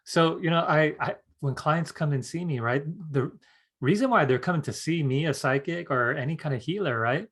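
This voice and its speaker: Relaxed, chatty man hosting a live stream. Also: fairly high pitch, normal speed. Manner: relaxed and chatty, reads viewer comments aloud; soothing guided-meditation tone. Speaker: psychic teacher hosting a live online challenge. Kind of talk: casual live-stream teaching.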